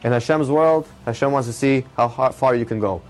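A man telling an inspirational religious story in a conversational, animated way. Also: mid-range voice, a little fast, soft background music. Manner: conversational, animated with many fillers.

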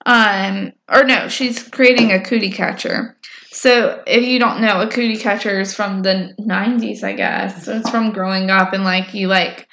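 Bright-voiced woman rambling thru a recap, lots of ums, super casual. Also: mid-range voice, fairly even intonation, normal speed, a little hiss or hum. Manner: rambling, filler-heavy, chatty storytelling. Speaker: podcast co-host recapping episodes. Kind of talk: casual chat.

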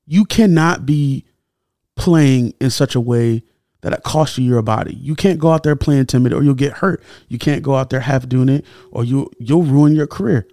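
A young man hosting a solo podcast, talking casually and with animated indignation, his voice jumping up when he gets heated. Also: a little high, dry recording, studio quality. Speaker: podcast host.

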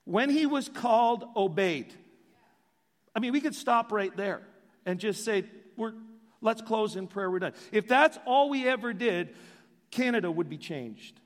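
Animated male pastor in a reverberant hall. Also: high voice, a little slow. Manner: animated, joking asides. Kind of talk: sermon.

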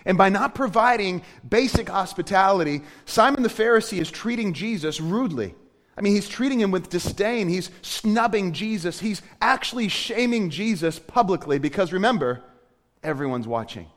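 A man with a notably high voice preaches in an animated, conversational way, leaning hard into key points. His words ring out with a long reverb tail, as in a church sanctuary. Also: normal speed. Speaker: pastor. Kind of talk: sermon.

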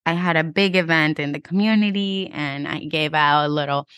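A woman's voice: deep voice, moderate pace, fairly bright tone, clean tone, dry recording, studio quality. A woman hosting a podcast, a real estate agent giving casual advice in a chatty way, full of "like" and "you know".

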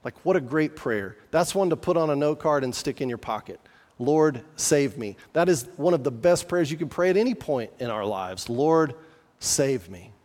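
A man's voice: fairly high pitch, animated, normal speed, a little mellow, long reverb tail. A man preaching a sermon in an earnest, conversational way, often asking the listeners questions. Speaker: pastor.

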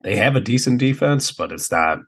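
A man's voice: mid-range voice, expressive, brisk, fairly bright tone, breathy edge. A man co-hosting a casual sports betting podcast, laid-back and profane. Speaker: podcast co-host.

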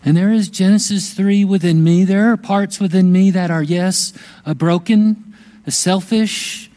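A man preaching a sermon as pastor, slow, gentle and reflective, with long pauses. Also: sits high, steady tone, poor audio.

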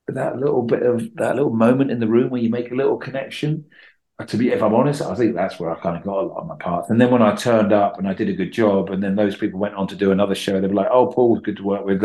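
A middle-aged Englishman talking casually as a podcast guest, telling animated stories and acting out quotes. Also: lowish voice. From England. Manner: chatty, animated storytelling with acted-out quotes. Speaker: guest actor.

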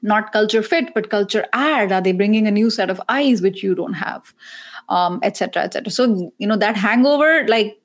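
A woman's voice: medium pitch, fairly quick. A woman career coach and podcast host talking animatedly in a casual panel discussion, joking and exasperated.

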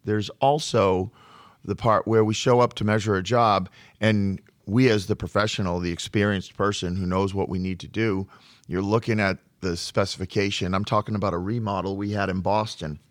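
A man who runs a flooring business tells work stories in a relaxed conversation, often repeating a word while he gathers his thoughts. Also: lowish voice, moderate pace, no room sound, studio quality. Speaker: flooring contractor. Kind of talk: storytelling in a podcast conversation.

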